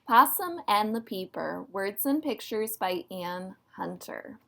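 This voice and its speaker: A woman who reads aloud to children in an unhurried, gentle way, pausing as she explains. Her pitch is middle for a woman, and there is a faint background hum. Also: lively intonation, vocal fry. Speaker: teacher reading aloud. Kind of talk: children's read-aloud and nature talk.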